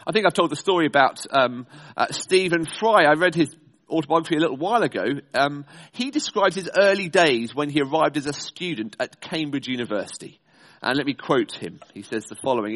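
Animated, high-voiced male preacher. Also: brisk. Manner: emphatic, rhetorical repetition. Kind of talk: sermon. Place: church.

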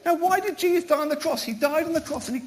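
A middle-aged Welsh pastor gives a playful children's talk in church, quizzing the kids and calling them up to help. His voice is very high and fast.

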